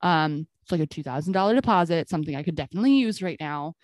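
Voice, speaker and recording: This podcast co-host speaks low and fast, with no echo on the recording. She's chatting casually, animatedly telling a story and playing out who said what, often with "I'm like".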